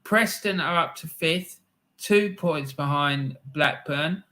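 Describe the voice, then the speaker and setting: A middle-aged man talks football on his live stream. His voice is bright and forceful and sits a little high. He rambles through anecdotes and laughs often. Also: slow. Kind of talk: casual live-stream chat.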